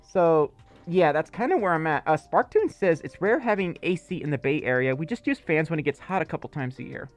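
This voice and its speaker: A man's voice: a little high, no echo. A man hosting a casual livestream, chatting loosely and reading viewer messages aloud, with many fillers and asides. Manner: rambling and chatty, with filler words. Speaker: livestream host.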